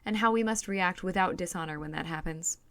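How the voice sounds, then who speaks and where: A cold, scheming old grandmother and royal adviser answers smoothly and curtly, as a woman reading a storybook puts her on. Her voice is low and gravelly, recorded close and dry. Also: fairly quick, fairly bright tone, dry recording. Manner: smooth, curt replies.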